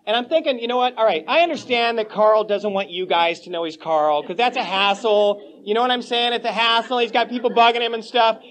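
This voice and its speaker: Recorded on lo-fi old cassette tape, an AA meeting speaker tells his recovery story to a live audience in a meeting room, joking and slangy, calling listeners "man" and "bro." His high, fairly bright voice is brisk, with hardly any pauses.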